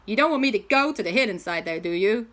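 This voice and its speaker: A woman voicing a keen male police officer who speaks loudly and formally in a toy story. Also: mid-range voice, expressive, fast talker, natural voice. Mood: eager.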